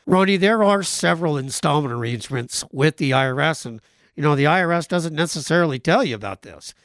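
A man's voice: on the high side, animated, a little fast, a bit bright, no room sound, clean studio sound. A man who is a tax professional, explaining in an earnest way with small restarts as a regular guest on a radio talk show.

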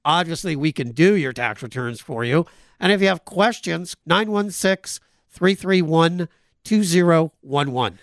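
A man's voice: fairly high pitch, expressive, a little slow, dry recording, studio quality. A man who is a tax professional, explaining in an earnest way with small restarts as a regular guest on a radio talk show.

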